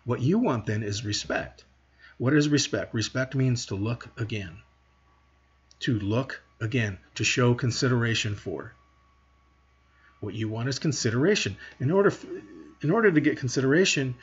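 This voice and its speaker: Earnest man with a husky voice. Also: mid-range voice, lo-fi sound. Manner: earnest, talks to parents directly with rhetorical questions. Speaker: parenting educator. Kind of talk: teaching monologue to camera.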